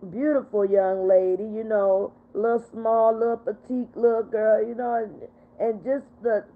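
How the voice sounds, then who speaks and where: Older woman, livestream host, higher voice, heartfelt and repeating herself, tinny phone audio. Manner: heartfelt, repetitive, upset but steady. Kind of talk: casual livestream chat.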